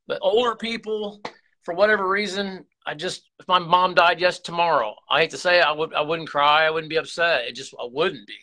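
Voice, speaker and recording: Fairly high and brisk, this man's voice has a sharp edge as he hosts his own YouTube channel. He's emotional and close to tears, rambling earnestly through a candid confessional vlog, restarting often and repeating words.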